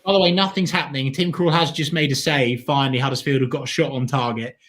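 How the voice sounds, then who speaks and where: A man's voice: medium pitch, fairly even intonation, quick pace. A man co-hosting a football watchalong, enthusiastically thanking donors and giving match updates. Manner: enthusiastic, reads out donations, shout-outs. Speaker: fan channel co-host. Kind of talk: casual watchalong chat.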